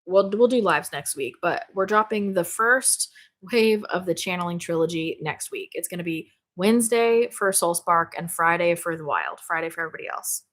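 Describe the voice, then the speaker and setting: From a home office, this spirituality livestream host chats casually and reads viewer comments aloud, bubbly and exclamatory, laughing often and swearing casually. Her lowish voice is animated and fairly bright, at a moderate pace.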